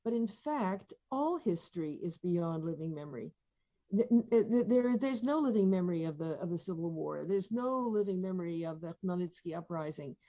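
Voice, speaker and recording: A woman's voice: fairly low pitch, expressive, normal speed, warm tone, highs cut off. An older woman speaking in a panel discussion, thoughtful, with many fillers and restarts. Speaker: panel speaker, museum curator.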